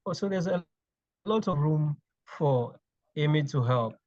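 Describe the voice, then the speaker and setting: A man's voice: on the high side, expressive, darkish tone, no echo, dull audio. A man from Ghana, a clinical engineering manager, talking in an interview and often repeating words as he gathers his thoughts. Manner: halting, repeats words while thinking. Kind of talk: interview conversation.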